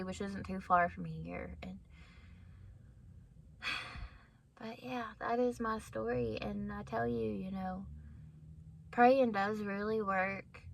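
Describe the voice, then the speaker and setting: A woman talking casually and with deep feeling in a personal vlog from her car, at times close to tears and worn down by a headache. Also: creaky, a bit bright, no echo. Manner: emotional, heartfelt, tearful at times. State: has a migraine. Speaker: vlogger.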